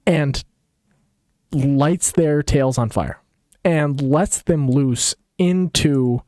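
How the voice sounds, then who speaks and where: Brief: deadpan-sarcastic male storyteller, unhurried, rambling, dry close sound. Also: fairly high pitch, no room sound. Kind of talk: casual comedic retelling.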